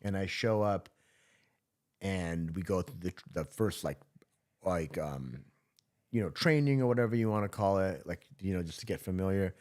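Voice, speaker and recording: A man with a lowish voice, from Southern California, spins a war story from his years as a correctional officer. He talks loosely and swears freely, piling up filler words as he goes, in an easy interview chat. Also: normal speed, darkish tone. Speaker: podcast guest, former correctional officer.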